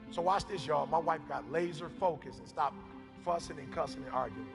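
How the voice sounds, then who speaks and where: A man preaching an impassioned motivational sermon, shouting, repeating phrases and calling on his listeners. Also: fairly high pitch, a little fast, creaky. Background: background music.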